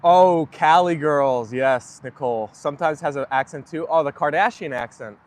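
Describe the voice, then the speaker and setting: A man's voice: fairly high pitch, moderate pace. Chatty man hosting a casual livestream. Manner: relaxed, chatty, often agreeing with viewers. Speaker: livestream host. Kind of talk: casual chat reading viewer comments.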